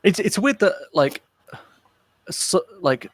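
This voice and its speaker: A man's voice: sits high, sing-song, slow pace, no room sound. Man from britain, podcast co-host, casual rambling chat, dry close sound. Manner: rambling, frequent fillers and restarts, jokey. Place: live online podcast recording.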